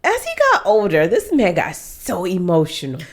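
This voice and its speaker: Laughing, animated woman podcast host. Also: fairly low pitch, normal speed. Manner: laughing storyteller, mimics her father. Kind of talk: casual chat.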